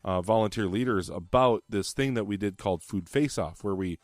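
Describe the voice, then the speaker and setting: A man's voice: lowish voice, fairly quick, dry recording. A man co-hosting a casual podcast, laid-back with dry short remarks. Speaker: podcast co-host, youth leader. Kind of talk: casual chat.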